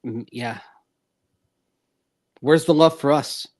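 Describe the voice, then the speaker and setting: A man co-hosting a sports talk radio show, talking in an animated, rambling way with frequent restarts. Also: mid-range voice, slow pace.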